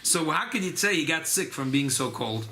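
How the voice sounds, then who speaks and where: A man teaching an informal Torah class as a rabbi, animated and emphatic. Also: moderate pace, slight background noise. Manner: animated, rising pitch on emphasis, Yiddish and Hebrew terms mixed in.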